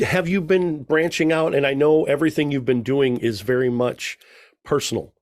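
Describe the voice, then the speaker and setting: A man's voice: on the high side, moderate pace. A man co-hosting a podcast, asking friendly, stammering questions in casual talk. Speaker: podcast co-host.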